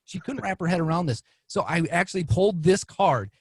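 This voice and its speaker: Brisk and slightly rough, a man guesting on a podcast recounts a story in a relaxed way, with no room sound. He gets animated, performing the quotes with his pitch leaping upward.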